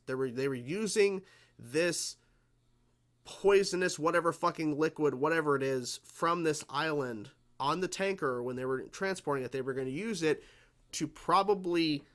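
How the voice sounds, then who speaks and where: A man with a highish, fairly bright voice hosts a reaction video on a cartoon episode. His talk is loose and profane, he laughs frequently, and he keeps restarting what he's saying.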